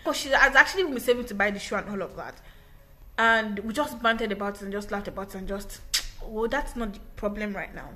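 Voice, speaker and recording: A young woman, an English teacher, telling a personal story in a casual, animated, emphatic way with frequent restarts. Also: mid-range voice, a little fast.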